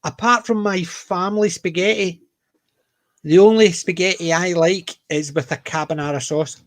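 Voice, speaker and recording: A Scottish man chatting on a casual panel, telling stories with emphatic, animated delivery. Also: on the high side, moderate pace. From Scotland.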